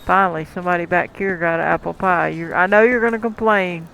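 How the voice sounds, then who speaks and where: A man's voice: sits high, steady tone, a little fast, vocal fry, pushed and bright, slight background noise, low-quality recording. A man casually commenting while playing a cooking game, talking to the customers and chuckling often. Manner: chatty, talks to the game's customers, chuckles often. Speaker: gameplay commentator.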